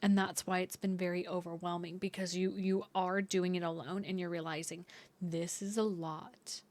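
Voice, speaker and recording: A woman's voice: on the low side, little pitch movement, brisk, a little mellow. Dreamy woman giving a tarot reading. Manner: dreamy, searching, many fillers and restarts. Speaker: tarot reader. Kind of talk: intuitive tarot reading to viewers.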